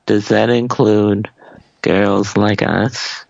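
Gravelly deadpan man, lo-fi sound. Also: lowish voice, very slow, dry recording. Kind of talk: deadpan improvised comedy chat. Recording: dull lo-fi recording.

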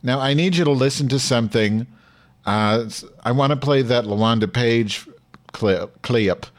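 A man's voice: medium pitch, moderate pace. A man hosting a comedy show, telling rambling, crude stories in casual chat. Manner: rambling, crude and deadpan, with frequent fillers. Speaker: host.

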